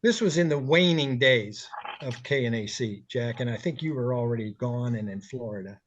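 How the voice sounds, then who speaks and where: A man, a radio DJ, telling animated, profane stories in a casual podcast chat. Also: medium pitch, moderate pace, lo-fi sound, slight background noise. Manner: animated, profane, laughing anecdotes. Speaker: radio DJ guest. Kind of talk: casual storytelling.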